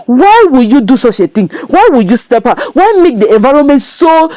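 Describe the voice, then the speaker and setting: An exasperated mother fires reproachful questions at her husband and begs him to show love to their daughter, as a woman reviewer quotes her. The voice is high and mellow, recorded dry and close. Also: sing-song, moderate pace, dry recording. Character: exasperated mother pleading for peace.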